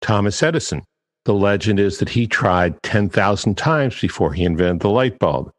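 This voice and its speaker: A man's voice: on the low side, lively intonation, normal speed, long reverb tail. A man hosting a podcast, talking casually in a chatty, digressive and self-deprecating way. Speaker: podcast host.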